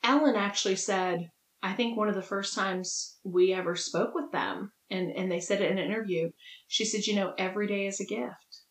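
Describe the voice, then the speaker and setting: A woman's voice: mid-range voice, fairly even intonation, normal speed, roomy sound, poor audio. A woman co-hosting a podcast in casual chat, playful and teasing, laughing often. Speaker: podcast co-host.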